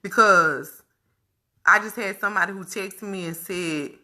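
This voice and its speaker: A woman's voice: medium pitch, normal speed, bright, forceful tone. A woman vlogger talking candidly to her viewers, emphatic and repetitive, speaking to them directly.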